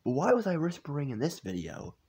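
A young man reacting to his own old videos in a hushed, half-whispered voice, incredulous and amused. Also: a little high, wildly swooping pitch, fast talker, a little hiss or hum. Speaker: YouTuber. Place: home at night.

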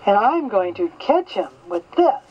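A woman's voice: medium pitch, unhurried, slightly rough. Grandmother doing Little Raccoon, an eager stubborn kid. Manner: excited, insistent. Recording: slightly dull lo-fi recording.

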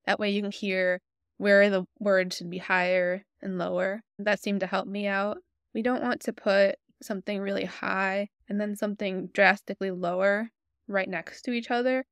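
A woman calmly walking viewers step by step through a software tutorial. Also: medium pitch, normal speed, clear, resonant tone, dry recording, studio quality. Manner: friendly, explanatory, step-by-step. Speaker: tutorial host. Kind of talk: screen-recorded software tutorial.

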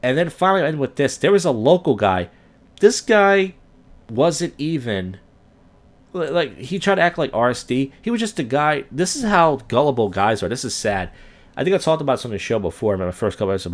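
A young man hosting a solo podcast, rambling through a long story and acting out the people he quotes. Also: medium pitch. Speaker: podcast host.

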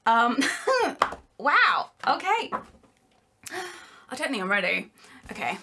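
A young woman chatting excitedly while unboxing, gushing and giggly with lots of exclamations. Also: medium pitch. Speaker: unboxing vlogger.

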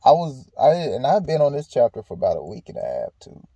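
A man with a gravelly, low-lit voice talks through his thoughts in a loose, unhurried monologue. He is candid and swears freely, circling back with restarts and fillers. He is recorded outdoors in a park. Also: huge pitch swings, dark tone, no echo, rough recording. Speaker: vlog host. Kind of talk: casual reflective monologue.

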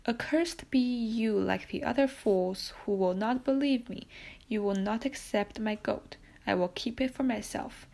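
A woman reading the lines of an elderly imprisoned male priest who insists he is not mad, in her own soft, slightly gravelly voice. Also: fairly high pitch, a little slow. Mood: scornful.

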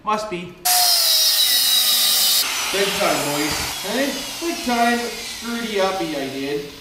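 Canadian man, high voice, folksy workshop chatter, swearing, very echoey garage. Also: expressive, takes it slowly. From Ontario, Canada. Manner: folksy, rambling, swears a lot, keeps calling out to the boys. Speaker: DIY vlogger. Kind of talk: casual running commentary while working. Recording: echoey shop with tool noise.

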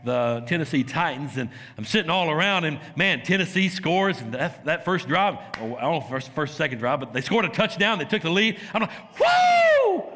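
A man preaches from the pulpit, his high voice bright and lively as it swings up and down. He tells his stories with laughter and breaks into shouts when he acts them out. The sound carries a long church-hall reverb. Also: fairly quick, hardly any pauses. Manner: animated storytelling, laughs and shouts while acting out scenes. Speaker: pastor. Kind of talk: sermon. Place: church sanctuary.

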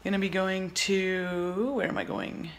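A woman's voice: medium pitch, little pitch movement, a little slow, rough recording. A young woman chatting to the camera while hiking, a little out of breath, talking into her phone. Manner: chatty, laughs often, talks to camera. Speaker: vlogger. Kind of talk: casual vlog chat on a hike. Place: outdoors on a mountain trail. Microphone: handheld phone.

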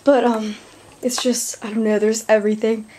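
Breathless, high-voiced teenage girl vlogging. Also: moderate pace. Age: teens. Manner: chatty, rambling, excitable. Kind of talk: casual vlog chat.

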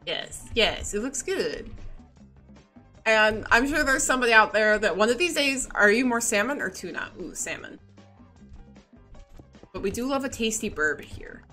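Giggly woman streamer, bright voice with a lot of swing, faint music behind. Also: on the high side, expressive, moderate pace, long pauses. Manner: playful, giggly, reads chat aloud. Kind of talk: casual livestream chat.

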